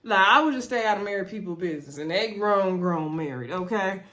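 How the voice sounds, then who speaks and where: A woman's voice: mid-range voice, expressive, a little fast, a bit bright. A woman casually recapping and reviewing a reality show episode, chatting to her viewers and laughing often.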